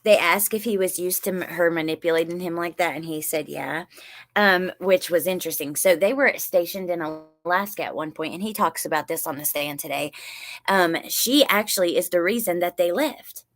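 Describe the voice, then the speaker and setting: Speaking at a moderate pace in a lowish voice, this woman runs a casual true crime livestream. She goes over trial notes, answers the chat in a chatty way, responds to viewer comments, and curses when she gets angry.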